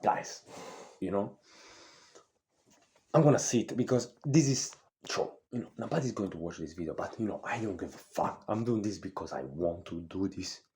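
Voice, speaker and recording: Speaking at normal speed, the nineteen-year-old fitness vlogger has a lowish, warm, animated voice. A native Spanish speaker, he delivers a motivational monologue that is blunt, profane, and repetitive.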